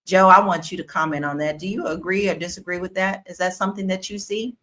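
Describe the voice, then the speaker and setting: Bright-voiced woman hosting a panel. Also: fairly low pitch, fast. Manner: lively and engaging, addresses guests and viewers directly. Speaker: talk show host.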